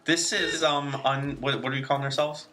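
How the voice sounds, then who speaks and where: A man's voice: medium pitch, fairly even intonation, moderate pace, background noise. A Canadian man co-hosting a podcast in casual chat, with a nasal voice and a joking, chatty way of talking. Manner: joking, chatty, laughs often. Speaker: podcast co-host.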